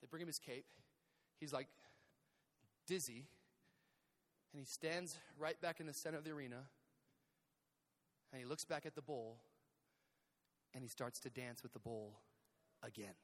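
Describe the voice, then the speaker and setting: A man preaching a sermon, telling a story in an animated way, acting out scenes with shouts and sound effects. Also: mid-range voice, normal speed, long pauses. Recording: long hall reverb.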